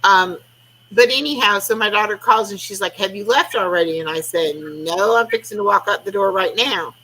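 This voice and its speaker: A woman's voice: mid-range voice, normal speed, bright, forceful tone, slight background noise, rough recording. An older woman, chatting casually on a live stream over a video call and acting out conversations as she tells stories. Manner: chatty storytelling, acting out quoted talk. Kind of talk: casual chat.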